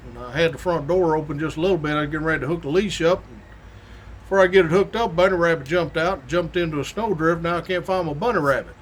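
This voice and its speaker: A man's voice: a little high, fast, a little hiss or hum. A middle-aged man, a police sergeant, telling stories in a folksy, drawling way and chuckling as he goes. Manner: folksy, drawling, laughs through his stories. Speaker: state police sergeant hosting a weekly show. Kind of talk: casual storytelling monologue.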